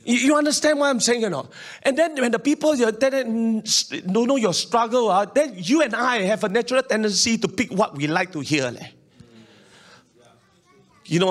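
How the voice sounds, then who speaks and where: A middle-aged man preaching a sermon. He talks emphatically, repeats himself and keeps calling on the congregation to respond, with frequent chuckles between points. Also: sits high. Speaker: pastor.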